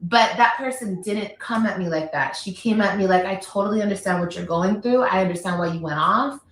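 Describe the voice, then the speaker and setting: A woman's voice: mid-range voice, fairly quick, a bit bright. Blunt scolding woman, echoey room. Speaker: livestreamer, mother. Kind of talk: casual livestream talk.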